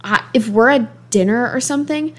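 A woman's voice: on the high side, moderate pace. 20 yr old girl hosting her podcast, chill and chatty. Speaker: podcast host. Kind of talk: casual chat.

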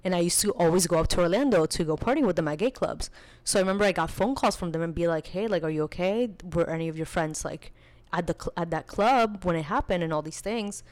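A young woman with a slightly low voice tells a personal story in a loose, chatty way. She fills her sentences with casual fillers and keeps the telling animated. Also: fast talker. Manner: chatty, animated, full of filler likes, laughs while telling. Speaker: podcast guest.

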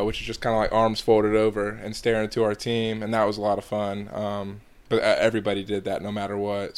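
Young guy from georgia, chill and halting, smooth lowish voice, kinda flat. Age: young adult. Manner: relaxed, halting, many fillers. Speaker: college baseball player, guest. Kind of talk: casual interview answers.

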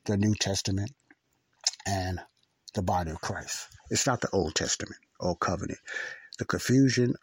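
Low husky preaching man. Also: moderate pace, pauses often, no echo. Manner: earnest, repeats phrases, asks "See?". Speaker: Bible teacher. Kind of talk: Bible study teaching.

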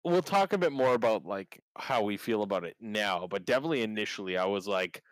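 A man hosting a casual podcast, telling a story with lively, acted-out reactions. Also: fairly low pitch, a little fast, crowd noise, poor audio. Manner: animated storyteller, acts out his own reactions. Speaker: podcast host.

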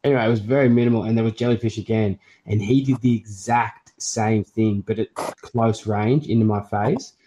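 A man hosting a podcast, chatting casually in relaxed slang with some swearing. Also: lowish voice, normal speed, hardly any pauses, slight background noise, low-quality recording. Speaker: podcast host. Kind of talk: casual chat.

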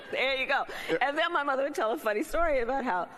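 A woman's voice: sits high, lively intonation, fairly quick, fairly bright tone. A woman speaks on stage, telling a family story in a rambling, amused way with frequent laughs. A long hall reverb trails her voice. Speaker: author on stage. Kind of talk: casual anecdote on stage.

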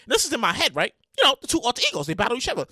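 A male podcast host rants through his comedic commentary, loud and restless. His voice is high and bright, swinging widely in pitch and breaking into shouts. The mic sounds close and dry. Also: racing, no room sound. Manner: loud, animated, repetitive, swears freely, bursts into shouting.

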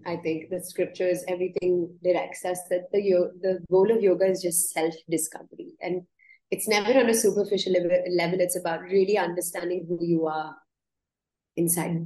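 A woman's voice: fairly low pitch, mellow, reverberant, low-quality recording. A woman yoga teacher telling personal stories in an interview, earnest and often restarting her words with a laugh. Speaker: yoga teacher, podcast guest. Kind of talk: reflective interview storytelling.

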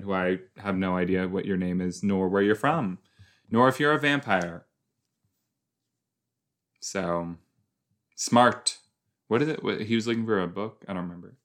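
A man's voice: sits low, a little slow, long pauses, fairly bright tone. Rambling male podcast host. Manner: rambling, self-deprecating, chatty asides. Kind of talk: casual watch-along commentary.

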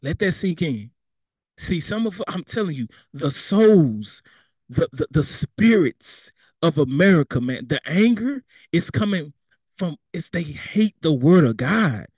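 A man's voice: fairly high pitch, big pitch swings, unhurried, darkish tone, slightly rough, no room sound. A young man preaching a sermon, talking plainly and conversationally, slipping into casual street phrasing and acting out what people say. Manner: conversational preaching with vernacular asides and quoted voices.

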